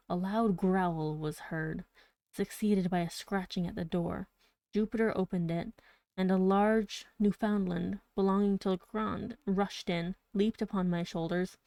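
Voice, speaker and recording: A woman reading a classic story aloud on a live stream, slipping into chatty, giggly side comments between passages. Her voice is mellow and warm, and the sound is dry and close to the mic. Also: medium pitch, dry recording.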